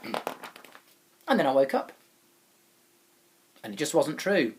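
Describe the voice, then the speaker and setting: A male primary school teacher reading a children's rhyming storybook aloud, dramatic and expressive, dropping from loud lines to hushed ones. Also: fairly high pitch, slow pace.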